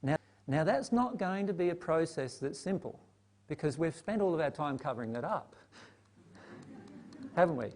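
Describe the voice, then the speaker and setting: A man's voice: on the high side, animated, normal speed, long pauses, a little mellow, slight background noise. A man leading a live Q&A session, teaching in a conversational way and often checking in with the audience. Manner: conversational, asks the audience questions.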